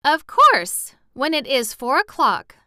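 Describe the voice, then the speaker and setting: Woman voicing a bright, eager little girl. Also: fairly high pitch, animated, measured pace, clear, resonant tone, no room sound, studio quality. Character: cheerful confident little girl.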